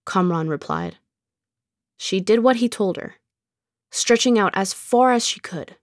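A woman reads a story aloud in calm, measured narration. Her pace is slow and unhurried, and her voice sits at a middle pitch. The sound is dry and close, with no room around it. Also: no room sound. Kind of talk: scripted audiobook narration.

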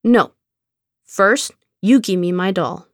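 A blunt, bossy five-year-old girl from a storybook, put on by a woman reading aloud. She makes demands in a raised, childish tone at an unhurried, deliberate pace. The sound is close and dry. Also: mid-range voice, no echo, close to an everyday voice. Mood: demanding. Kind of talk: audiobook character reading.

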